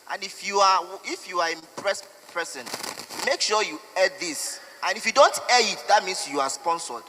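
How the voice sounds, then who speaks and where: A man's voice: high-pitched, sing-song, normal speed, sharp tone, a little hiss or hum. A young Nigerian man with a Nigerian accent, speaking out in an emotional, pleading and defiant street interview. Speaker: protester. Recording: echoey hall with long reverb.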